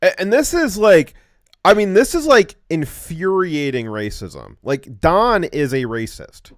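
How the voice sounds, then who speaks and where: A man hosting a casual political commentary show, talking in animated bursts, often restarting his words and chuckling at his own points. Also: fairly high pitch, a little slow, no room sound, clean studio sound. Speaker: show host.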